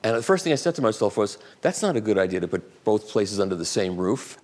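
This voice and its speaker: A man's voice: on the low side, sing-song, quick pace, darkish tone. A man at a live event, answering audience questions in a rambling, chatty way. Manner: rambling, chatty, with restarts and asides. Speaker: guest speaker at a live audiophile talk.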